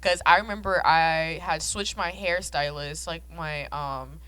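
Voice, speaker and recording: A woman in her twenties from South Florida co-hosts a casual podcast chat. Her voice sits low but comes out bright and forceful. She tells animated stories, swearing freely and filling her sentences with "like.". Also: a little slow, clear, resonant tone, low-quality recording. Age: 20s. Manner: animated storytelling, heavy swearing and "like" fillers. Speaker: podcast co-host.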